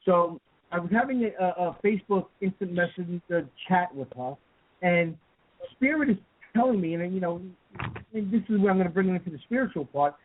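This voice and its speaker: A man's voice: high voice, animated, fairly quick, no room sound. A man hosting a paranormal radio show, telling a personal story casually with lots of fillers and restarts. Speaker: host. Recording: dry, tinny phone-like line.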